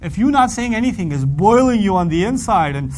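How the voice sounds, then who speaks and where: A middle-aged man teaching a religious lesson in an animated, conversational way. His voice sits fairly high, and he repeats key phrases for emphasis. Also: fairly quick, a little hiss or hum. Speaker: Quran teacher. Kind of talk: humorous religious lecture.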